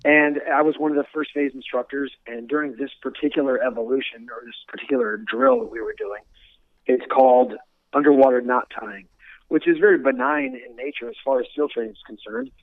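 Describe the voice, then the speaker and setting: A man's voice: medium pitch, lively intonation, brisk, gravelly, narrow, tinny audio. A man being interviewed about his military career, speaking earnestly and often restarting his words. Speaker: guest, former military instructor. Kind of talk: conversational storytelling interview.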